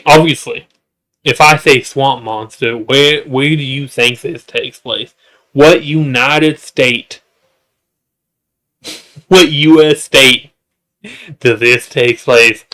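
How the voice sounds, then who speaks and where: A man's voice: slow pace, long pauses, sharp tone. A man casually recapping a show's season with jokes, asides and restarts. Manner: rambling, jokey, with asides and restarts; works up into high-pitched exasperation. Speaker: show reviewer.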